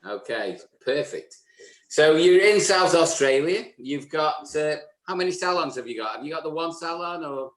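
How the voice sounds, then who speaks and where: Hesitant co-host in an echoey room. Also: male voice, on the high side, expressive, moderate pace. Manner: hesitant, filler-heavy, friendly. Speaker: podcast co-host. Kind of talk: live show chat. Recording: roomy echo.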